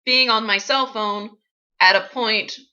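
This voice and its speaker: A woman actress telling a comic personal story, animated and wry, with sarcastic asides. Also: medium pitch, a little slow, dull audio.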